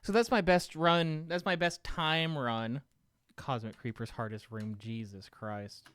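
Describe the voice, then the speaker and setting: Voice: mid-range voice, steady tone, unhurried, fairly bright tone, no echo. A podcast host chatting casually on a game stream, exasperated and self-deprecating about playing.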